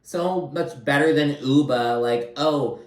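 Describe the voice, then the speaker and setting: Recorded from a distance and off-mic, a man at medium pitch gives a casual reality TV recap in an animated way at normal speed. His commentary is loose, profane, and full of fillers, and his voice rings in the roomy space.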